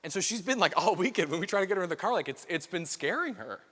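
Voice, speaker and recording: A man's voice: high voice, lively intonation, fast talker, bright, forceful tone. A man in his thirties giving an earnest, conversational conference keynote, full of casual fillers, on a stage microphone. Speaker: keynote speaker. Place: large hall. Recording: long hall reverb.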